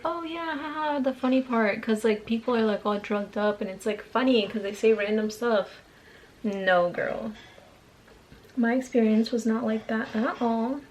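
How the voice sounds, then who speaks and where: On a rough recording with slight background noise, a young beauty vlogger with a slightly high, darkish voice chats while doing her makeup at a mirror at home. This get-ready-with-me vlog is rambling and casual, packed with slang and fillers.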